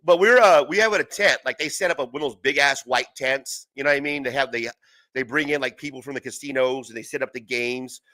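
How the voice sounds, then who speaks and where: With a brisk pace and sharp tone, this mid-range male voice belongs to a young livestream host broadcasting casually from home. He wanders through stories, swearing heavily and laughing often, with no room sound in the recording.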